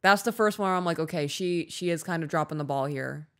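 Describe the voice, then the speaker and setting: A woman's voice: deep voice, fast. A woman co-hosting a podcast in casual chat, candid and emotional, swearing freely. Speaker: podcast co-host.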